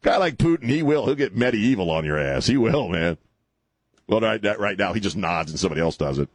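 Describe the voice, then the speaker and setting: A man's voice: lowish voice, animated, brisk, breathy edge, no echo. A male talk radio host ranting and mocking on a call-in show, laughing at his own jokes. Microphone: studio microphone.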